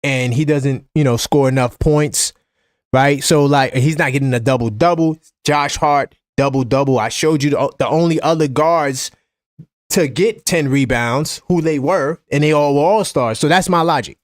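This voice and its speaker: A man with a New York accent hosting a live-stream basketball chat, animated and opinionated, often repeating himself. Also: a little high, moderate pace, no echo, studio quality. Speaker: basketball fan show host.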